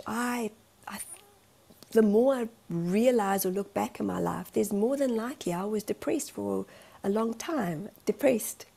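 A woman's voice: medium pitch, a little slow, vocal fry, dark tone, husky. A woman in a candid vlog monologue, speaking as a life coach in an earnest, emotional, rambling way.

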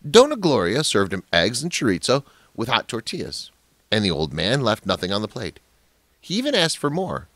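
A man's voice: lowish voice, huge pitch swings, normal speed, a bit bright, dry recording. A man narrating a dramatic family story in a scripted, emphatic way.

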